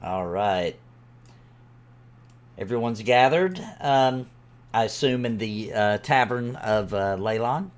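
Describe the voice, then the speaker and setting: Man running a tabletop game. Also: fairly low pitch. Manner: relaxed, halting with fillers. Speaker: game master.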